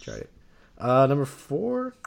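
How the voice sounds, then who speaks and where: A man co-hosting a podcast, joking loudly and crudely with a friend in casual banter, often trailing off mid-thought. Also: medium pitch, wildly swooping pitch, a little slow, creaky.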